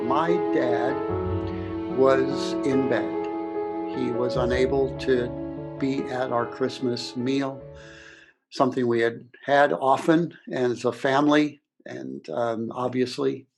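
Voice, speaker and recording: Middle-aged man, earnest and reflective storyteller, mid-range voice. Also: mid-range voice. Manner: earnest, reflective, with pauses and restarts. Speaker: ministry speaker. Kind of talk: personal storytelling talk.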